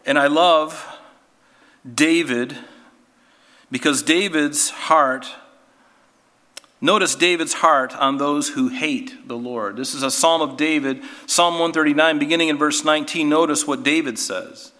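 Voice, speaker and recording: A man's voice: fairly high pitch, a little slow, sharp tone. A man preaching a sermon, earnest and emphatic, asking rhetorical questions and restarting his words as he goes. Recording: long reverb of a hall.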